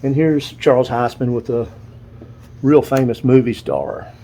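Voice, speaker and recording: A man's voice: medium pitch, steady tone, a little slow, warm tone, slight background noise, rough recording. An older man, casually showing photos and books, rambling and stopping to recall names. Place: dark room at home.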